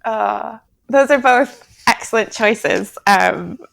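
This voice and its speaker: A woman's voice: fairly high pitch, slow, creaky, fairly bright tone. A woman hosting a podcast discussion in casual chat, talking freely and giggling often between remarks. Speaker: podcast host.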